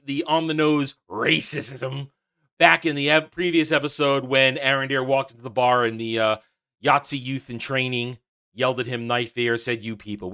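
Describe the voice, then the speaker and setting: A man's voice: medium pitch, bright, forceful tone. A man reviewing a TV episode, sarcastic and exasperated, recapping scenes with frequent restarts. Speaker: YouTube reviewer.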